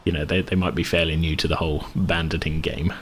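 A man narrating as game master of a tabletop game, relaxed and rambling. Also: rumbling low, fast talker, a little hiss or hum. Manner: relaxed, rambling, hedging with fillers.

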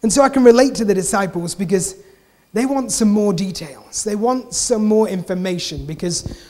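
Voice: mid-range voice, normal speed, dark tone, slight background noise. Preacher, conversational sermon delivery, repeats key lines, easy chatty asides. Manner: repeats key phrases for emphasis.

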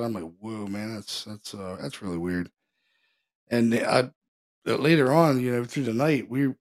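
A man co-hosting a podcast, retelling a ghost hunt in a rambling way full of fillers. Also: medium pitch. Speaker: co-host. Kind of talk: casual podcast storytelling.

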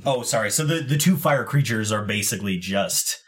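A man's voice: fairly low pitch, animated, fairly quick, fairly bright tone. A man narrating as game master of a tabletop game, describing scenes in a loose, laid-back way with hesitations.

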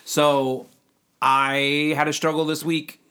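He takes his time, speaking in a smooth, fairly high voice that's pushed and bright but barely rises or falls. In casual podcast chat, this co-host and client, a dad of young children, jokes around and tells lengthy stories from his own life.

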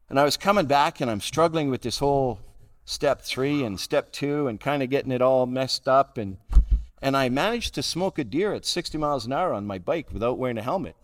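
Wry middle-aged man telling stories. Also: mid-range voice. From Calgary, Canada. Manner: self-deprecating, wry, chuckles at his own jokes. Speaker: guest speaker at a recovery roundup. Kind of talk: humorous personal storytelling talk.

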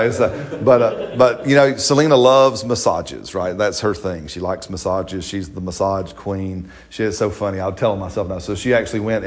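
A middle-aged male pastor preaching a sermon in a conversational, joking way, often checking in with the congregation. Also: fairly low pitch. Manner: conversational, jokey, repeats and restarts, asks the congregation questions.

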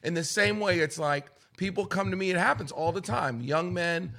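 A man, a pastor hosting the show, speaking in blunt, forceful casual conversation. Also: sits high, animated, normal speed, vocal fry, hardly any pauses. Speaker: pastor and podcast host.

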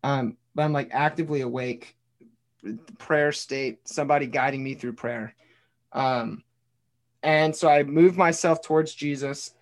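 A man's voice: fairly high pitch, fairly even intonation, a little slow. Earnest man telling a spiritual story. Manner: earnest storytelling, reading aloud his own journal; casual, swears, says dude and like. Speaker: podcast guest, former pastor turned bartender. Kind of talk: casual podcast conversation.

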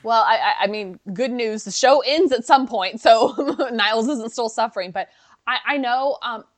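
A woman co-hosting a casual podcast, chatty and quick to laugh as she recaps scenes. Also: on the high side. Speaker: podcast co-host. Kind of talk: casual chat.

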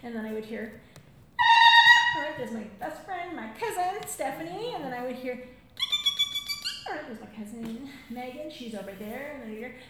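Animated, laughing woman telling stories. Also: high voice, moderate pace, pauses often, heavy background noise. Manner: animated, laughing, acts out voices. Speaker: storyteller and drum circle leader. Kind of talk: storytelling talk to a live audience. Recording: very echoey room, faint ambience.

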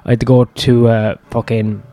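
A man's voice: mid-range voice, little pitch movement, normal speed, mellow, no echo, soft background music. A man, telling a long personal story in a rambling, profane, self-deprecating way. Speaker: host.

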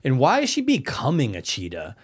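A man in casual chat, agreeable and quick to back up the other speaker, with a mid-pitched voice. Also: wildly swooping pitch, breathy edge.

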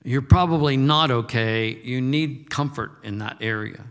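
A man's voice: mid-range voice, a little slow, a bit bright, clear, resonant tone, long reverb tail. An older man preaching a sermon as a pastor, moving between fired-up exhortation and folksy storytelling.

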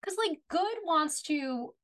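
A woman co-hosting a podcast, chatting casually about a TV episode and quickly agreeing or adding points. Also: very high voice, expressive, a bit bright. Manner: quick agreeing remarks, lots of fillers. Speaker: podcast co-host. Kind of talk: casual recap chat.

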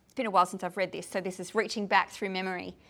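A woman gives a talk on a poem to a gathered group in a room, tired, animated and often checking that her listeners follow. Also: medium pitch, racing. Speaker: lecturer on poetry.

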